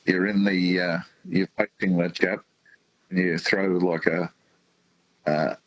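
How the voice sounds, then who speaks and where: Give me a man with a very low husky voice and a slight New Zealand accent, calling a radio show. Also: level tone, no room sound, lo-fi sound. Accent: New Zealand-tinged. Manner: halting, hesitant. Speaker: caller. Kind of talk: casual phone chat.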